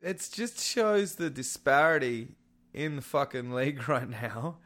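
A man co-hosting a casual sports podcast, animated and swearing freely, his voice jumping up when excited. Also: mid-range voice, a little slow. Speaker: podcast co-host.

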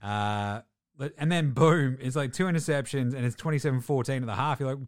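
A man's voice: medium pitch, a little fast, dry recording, clean studio sound. A man hosting a casual sports podcast, laid-back, laughing and swearing as he recaps games. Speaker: podcast host.

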